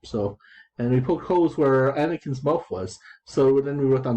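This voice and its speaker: A man's voice: medium pitch, animated, moderate pace, dark tone, muffled recording. A man in his thirties talking casually about his game chat, digressive and full of restarts and repeated words. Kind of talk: rambling casual commentary.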